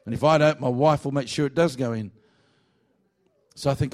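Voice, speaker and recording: A man with an Australian accent preaching a revival sermon to a congregation, jokey and exuberant, swinging from hushed asides to shouts. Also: medium pitch, normal speed. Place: church hall before a congregation.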